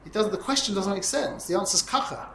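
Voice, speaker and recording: Guy teaching a torah class, animated, lots of restarts, echoey room. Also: sits high, fast talker, slight background noise. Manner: animated, uses Hebrew and Yiddish terms, frequent self-corrections. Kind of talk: lively class teaching Tanya. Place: classroom with students.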